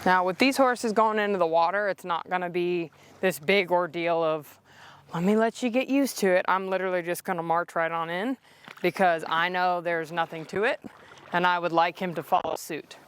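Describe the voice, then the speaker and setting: A woman's voice: fairly low pitch, moderate pace, clean tone. A woman horse trainer explaining her method while working a horse on an outdoor cross country course, coaxing and praising the horse between explanations.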